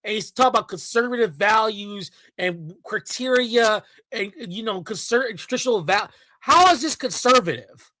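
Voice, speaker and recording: A man's voice: high-pitched, lively intonation, normal speed, sharp tone, no echo, low-quality recording. A man ranting in a heated, profane reaction commentary, full of mocking and sarcastic asides.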